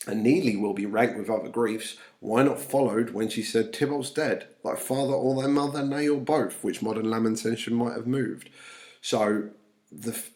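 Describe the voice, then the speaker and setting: A man's voice: fairly low pitch, darkish tone. A man teaching a class, reading quoted verse aloud and then paraphrasing it in plain words. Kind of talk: explaining a play line by line.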